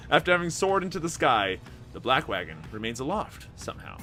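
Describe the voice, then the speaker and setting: A man hosting a gameplay video, reading the game's text aloud and commenting with excitement. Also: mid-range voice, fairly quick, faint music behind. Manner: animated, reads dialogue aloud with excitement.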